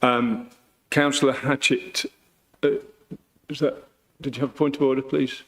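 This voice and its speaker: A man's voice: medium pitch, level tone, unhurried, fairly bright tone. A man chairing a council meeting, who calls speakers in a polite, procedural way with frequent ums. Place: council chamber.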